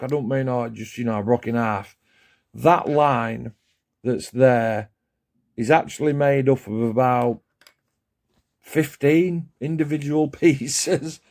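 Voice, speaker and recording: A man talks through his scale model build in a loose, chatty vlog manner. His voice sits at an ordinary middle pitch, and he rambles, restarts and pokes fun at himself, with the occasional casual curse. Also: darkish tone. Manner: rambling, self-deprecating, swears casually.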